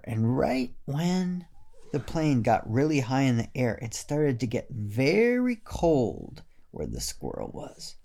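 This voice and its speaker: A male storyteller reading a children's tale in a gentle, unhurried way. His voice is gravelly and husky, and he takes his time over each line. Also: mid-range voice. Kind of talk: storybook narration.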